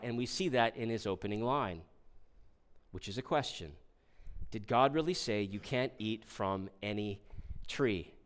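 Expressive preacher man, rhetorical questions. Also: a little high. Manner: expressive, rhetorical questions, voices the serpent in quotes. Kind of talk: sermon.

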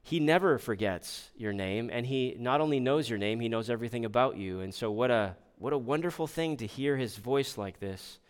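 Smooth-voiced male preacher. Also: mid-range voice, normal speed, hardly any pauses. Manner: conversational, asks the congregation rhetorical questions; restarts and repeats words often. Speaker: pastor. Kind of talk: sermon.

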